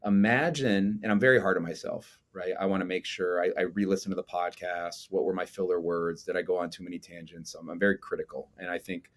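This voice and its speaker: A man in his forties, a coach and lecturer, talking in a casual interview with an animated manner and frequent tag questions. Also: deep voice, brisk, few pauses. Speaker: strength coach and lecturer, podcast guest.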